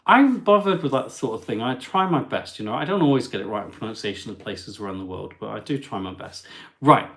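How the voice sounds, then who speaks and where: A man hosting a casual live travel stream, chatting and reading viewer comments aloud in an animated way. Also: mid-range voice, brisk. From England.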